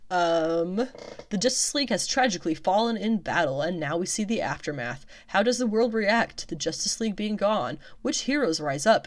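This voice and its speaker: A woman with a slightly low voice, casually working through a list of upcoming comic releases. She reads in a chatty way and drops wry asides in between. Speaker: comics news vlogger. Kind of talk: casual reading of comic listings.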